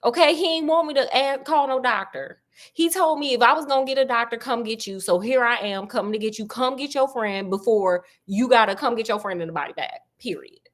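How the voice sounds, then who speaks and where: A woman's voice: a little high, brisk, pitched above the performer's own voice, close to an everyday voice. A woman voicing a frantic, sassy landlady who talks urgently in slang.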